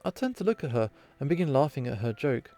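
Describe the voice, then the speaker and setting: Brief: male gaming host reading a visual novel, dry asides, soft music underneath. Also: medium pitch, sing-song, fast talker. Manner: wry asides between narration.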